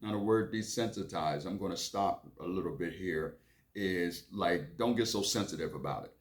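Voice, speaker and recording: A man's voice: low-pitched, normal speed. A man who hosts a reading lesson, reading aloud and stopping casually to define words, often repeating himself. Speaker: reading teacher and host. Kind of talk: reading aloud and explaining vocabulary.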